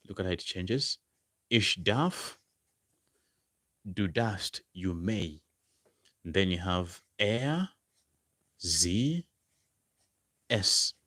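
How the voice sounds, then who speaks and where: Slow, deep-voiced male language tutor. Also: a bit bright, dry recording, clean studio sound. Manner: drills phrases slowly, stressing each word with rising pitch. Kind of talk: slow, repetitive language lesson.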